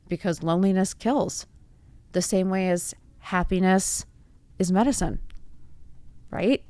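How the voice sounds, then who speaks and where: Earnest woman host, low voice. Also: clean tone, no room sound. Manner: earnest, rhetorical questions, rising to emphatic bursts. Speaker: podcast host. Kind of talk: motivational monologue.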